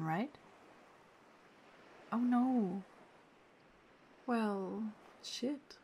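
A woman voicing a playful, caring young female friend in an audio role-play, teasing and soft-spoken. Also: medium pitch, creaky, slight background noise. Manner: teasing, then soft and soothing.

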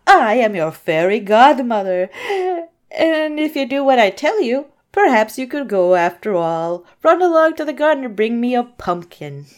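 A woman voicing a bossy old fairy godmother in a loud, commanding tone while casually reading a storybook aloud. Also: on the high side, very animated, normal speed.

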